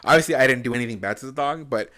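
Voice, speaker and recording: A man rattles through a story at a quick clip, animated and profane, and jumps into the voices of the people in it. His voice sits at an ordinary middle pitch. It sounds like a relaxed podcast conversation. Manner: animated, profane storytelling that acts out his own and others' lines. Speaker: podcast host. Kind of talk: casual chat.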